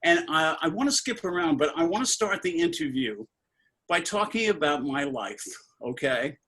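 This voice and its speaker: A man's voice: fairly high pitch, big pitch swings, moderate pace, fairly bright tone. A man in his seventies from Brooklyn, interviewing a guest over a video call in an effusive, emotional way. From Brooklyn, New York. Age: 70s.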